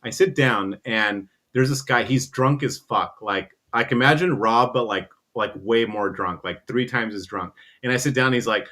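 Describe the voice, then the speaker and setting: A man's voice: medium pitch, normal speed, few pauses. A man telling a long profane anecdote in casual chat, acting out the other people's lines as he goes. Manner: profane, animated storytelling with voiced asides.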